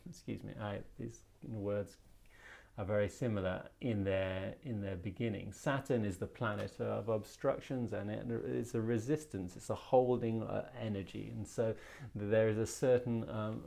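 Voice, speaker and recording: Brief: male spiritual healer, gravelly voice, reflective and rambling, restarts his sentences often. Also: lowish voice, a little mellow. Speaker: tarot reader and spiritual healer. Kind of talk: spoken tarot card explanation.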